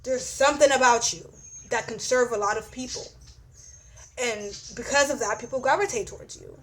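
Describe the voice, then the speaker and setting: Young woman, high voice, blunt and profane, casual astrology talk with lots of filler phrases. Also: moderate pace, a bit bright. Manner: blunt, profane, repeats "you know what I'm saying". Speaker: astrology reader.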